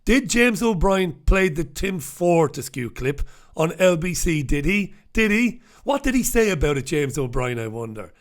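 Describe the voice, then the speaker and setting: A radio host from the north of England, ranting bluntly and swearing through a newspaper review, close to the microphone. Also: male voice, fairly high pitch, very animated, moderate pace. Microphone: talking close into two microphones.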